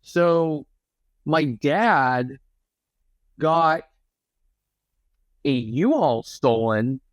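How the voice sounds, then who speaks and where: A man's voice: fairly high pitch, expressive, very slow, dry recording. A young man co-hosting a podcast, chatting casually and rambling with many restarts. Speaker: podcast co-host. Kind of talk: casual chat.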